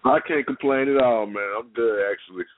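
A man co-hosting a casual chat, relaxed and easygoing. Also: mid-range voice, fairly quick. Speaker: co-host. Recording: tinny phone-like line.

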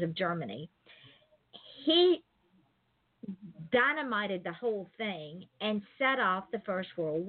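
A woman hosting an interview in casual chat, telling stories in a rambling, digressive way. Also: medium pitch. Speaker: interview host. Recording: tinny phone-like line.

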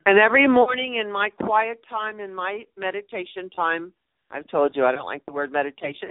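A woman's voice: on the low side, expressive, normal speed, no echo. A middle-aged woman hosting a radio advice show. She speaks emphatically, repeats key phrases and addresses her listeners fondly. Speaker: radio show host and numerologist. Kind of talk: inspirational radio advice talk. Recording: narrow phone-like line, dry.

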